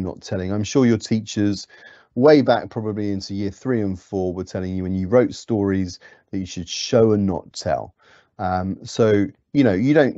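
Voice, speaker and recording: A British English teacher gives a lecture on poetry in a lowish, dark voice. He explains patiently with frequent ums and restarts, and the lo-fi recording has no echo.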